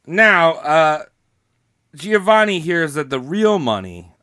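A man's voice: on the high side, big pitch swings, takes it slowly, sharp tone, dry recording, studio quality. A man hosting a podcast, telling a history story in a rambling, joking way, often laughing, a little tipsy. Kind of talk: casual comedic storytelling.

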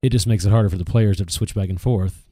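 Deep, fast-talking man chiming in. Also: dark tone, no room sound, studio quality. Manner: quick, agreeable, chiming in. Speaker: podcast co-host. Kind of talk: casual chat.

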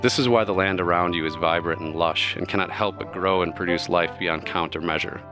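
A man voicing a calm, solemn female goddess of life who speaks slowly and in a measured way. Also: deep voice, over music.

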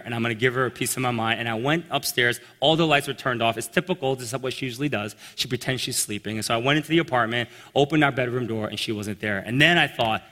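A man telling a personal story in a sermon, animated and acting out the voices of the people in it. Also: medium pitch. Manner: animated storyteller, acts out quotes. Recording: long reverb in a large hall.

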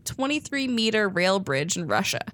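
A woman's voice: mid-range voice, sing-song, normal speed, fairly bright tone. A woman co-hosting a casual group chat, reading out news stories with giggles and stumbling over foreign names.

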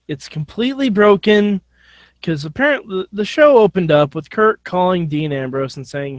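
A man with a high, lively voice riffs sardonically as a co-host on a casual wrestling chat show. His voice swings a lot in pitch, and the webcam sound is close and dry. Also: moderate pace, no room sound. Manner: sardonic, joking. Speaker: podcast co-host.

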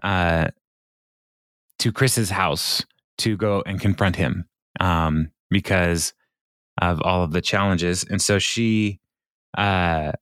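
A man's voice: deep voice, slow pace, pauses often, fairly bright tone, no room sound, clean studio sound. A man co-hosting a podcast, retelling scenes in a rambling casual way and chuckling often. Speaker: podcast co-host. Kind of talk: casual chat.

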